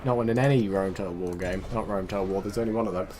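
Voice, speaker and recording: A man's voice: low-pitched, racing, mellow, slight background noise. A young man rambling to himself as he gives casual commentary on a strategy game he is playing. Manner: rambling, chatty, talks to himself. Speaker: let's play host.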